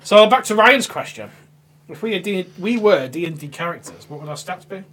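A man, co-hosting a crude comedy podcast and telling animated stories full of swearing. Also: high voice, brisk, husky. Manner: animated storyteller, swears freely. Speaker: podcast co-host.

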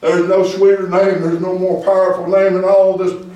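Male pastor, fervent sermon, high voice, distant mic in a roomy church. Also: completely flat delivery, normal speed, muffled recording. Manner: preaching with call-and-response, rising to shouts. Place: church sanctuary. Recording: echoey church hall from far off.

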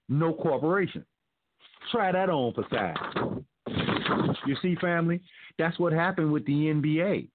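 A man hosting a talk show, reading news out and breaking in with preachy, sarcastic remarks to his listeners. His voice sits a little high and comes through dry and phone-thin. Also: moderate pace, long pauses, no echo, narrow, tinny audio. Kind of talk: opinionated commentary reading news aloud.

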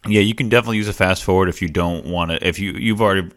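Deep-voiced man, relaxed podcast co-host. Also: rapid-fire. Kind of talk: casual podcast chat.

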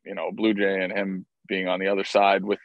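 Profane storytelling ex-ballplayer, dry sound. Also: male voice, low voice, fairly quick, no room sound, narrow, tinny audio. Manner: animated, profane, acts out quotes. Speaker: former baseball player, guest. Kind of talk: casual storytelling interview.

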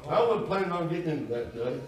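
Man preaching, higher voice, big echoey church room, heard from far off, homespun and fiery. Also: animated, fast. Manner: folksy preaching, rising to loud cries. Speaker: pastor. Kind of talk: sermon.

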